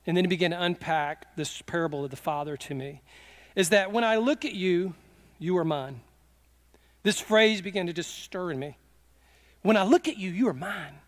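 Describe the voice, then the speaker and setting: A middle-aged man preaching a sermon with fervor, slipping into quick acted quotes. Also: high-pitched. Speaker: pastor.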